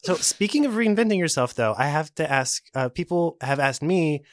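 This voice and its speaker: A man's voice: a little high, expressive, moderate pace, no echo. A man interviewing as a podcast producer, asking questions with dry, joking humor. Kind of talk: casual interview.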